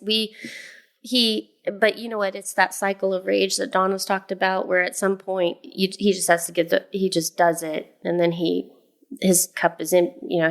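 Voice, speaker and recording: A mother co-hosting a podcast, telling a family story in casual chat with many fillers and restarts. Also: medium pitch.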